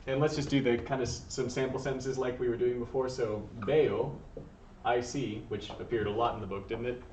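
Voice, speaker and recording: A man's voice: mid-range voice, fairly even intonation, a little fast, background noise. Patient male teacher, echoey room. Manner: patient, encouraging, frequent ums and uhs. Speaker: Spanish teacher. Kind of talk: classroom lesson, calling on students. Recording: distant, echoey, dull room recording.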